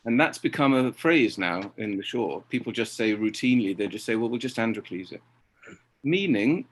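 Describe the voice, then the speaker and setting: A middle-aged man talking about directing, lively and acting out exchanges he quotes. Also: medium pitch. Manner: animated, acts out quoted exchanges. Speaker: theatre director. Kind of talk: conversational interview.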